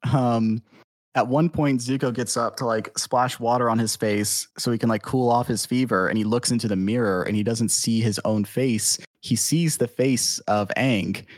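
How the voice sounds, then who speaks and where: A man talks casually on a podcast, recapping a show with loose, rambling energy. He swears freely and slips into quick mock voices for the characters. The sound is dry and close with no room echo. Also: medium pitch. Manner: rambling, profane, animated retelling. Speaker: podcast guest.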